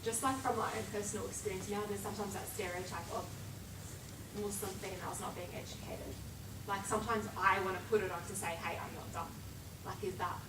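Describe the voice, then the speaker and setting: Soft hesitant young woman, distant in echoey room. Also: mid-range voice, steady tone, fairly quick, background noise. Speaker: student asking a question. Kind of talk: classroom question.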